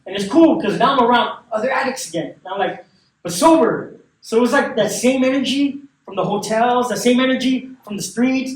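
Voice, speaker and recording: High-voiced man telling his story. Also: a little fast. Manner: casual storytelling with slang and repeated phrases. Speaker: recovery speaker. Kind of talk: personal testimony. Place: recovery service hall. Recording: echoey room from far off.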